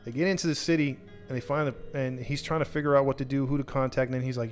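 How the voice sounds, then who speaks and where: A man's voice: mid-range voice, fairly even intonation, fast talker, few pauses, soft background music. A man hosting a podcast, casually telling a true crime story with many restarts and acted-out quotes.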